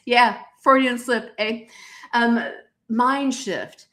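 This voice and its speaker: A woman's voice: fairly high pitch, expressive, unhurried, fairly bright tone. A middle-aged woman hosting a live-streamed motivational podcast. She talks emphatically and repeats her key lines the way a preacher does. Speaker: podcast host.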